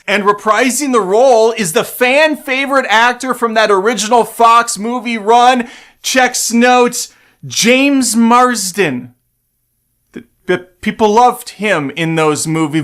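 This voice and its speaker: A man giving casual, snarky commentary on a movie trailer, swearing freely and breaking into excited bursts. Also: sits high, slow pace. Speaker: movie trailer reaction host.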